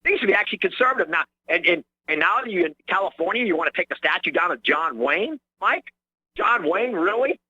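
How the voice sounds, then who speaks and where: Ranting male caller, lively and indignant. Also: sits high, fairly quick, husky. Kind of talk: call-in radio talk. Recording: dry muffled phone line.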